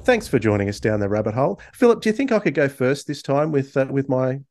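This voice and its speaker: A man's voice: medium pitch, expressive, quick pace, darkish tone, faint music behind. Friendly man hosting a podcast. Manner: friendly, chatty, restarts often. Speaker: podcast host. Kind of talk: casual podcast chat.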